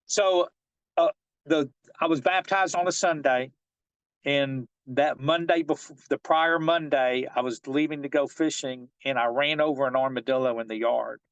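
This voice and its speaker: A man's voice: mid-range voice, normal speed, no room sound, highs cut off. A man working as a fishing guide, telling a long story in a casual interview and rambling with many restarts and fillers.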